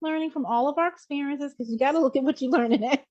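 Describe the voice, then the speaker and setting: A woman's voice: sits high, fast talker, darkish tone, lo-fi sound. A woman co-hosting a casual spiritual chat, affirming and emphatic as she responds to a guest. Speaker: podcast co-host.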